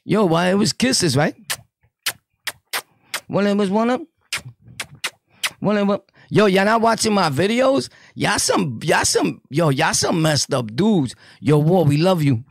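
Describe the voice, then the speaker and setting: A man's voice: high voice, very animated, a little slow, gravelly, long pauses, dry recording, studio quality. A man with a New York accent telling prison stories in a casual, joking way, laughing often and using heavy street slang. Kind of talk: casual storytelling to camera.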